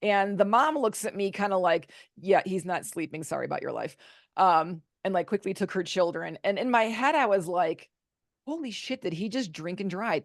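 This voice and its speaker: A woman's voice: fairly low pitch, dry recording, clean studio sound. A woman guest candidly recounting a personal story in an interview, acting out quotes as she goes. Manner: candid, animated retelling with acted-out quotes. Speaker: podcast guest, author.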